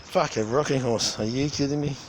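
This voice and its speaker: In an outdoor aviary, a man films his birds on his phone, cracking crude jokes and talking right to them. His mid-range voice moves briskly, and the recording is noisy with birdsong in this casual, profane vlog.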